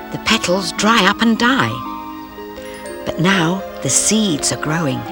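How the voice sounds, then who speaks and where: A woman reading a children's story aloud, slow and unhurried. Her pitch rises and falls widely, and her voice carries a slight gravelly texture. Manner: gentle, slow and expressive. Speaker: storyteller presenter.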